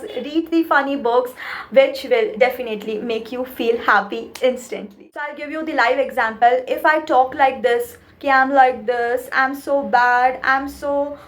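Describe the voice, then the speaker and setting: A woman's voice: sits high, a bit bright. A woman mentor giving an earnest motivational talk, counting through her points. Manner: earnest, repeats "trust me", lists points.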